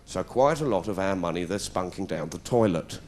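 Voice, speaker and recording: A man's voice: sits low, animated, fairly quick, darkish tone. A middle-aged British man telling a sarcastic stand-up story, putting on voices as he goes. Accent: British English. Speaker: comedian. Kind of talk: stand-up comedy routine. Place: stage before a live audience.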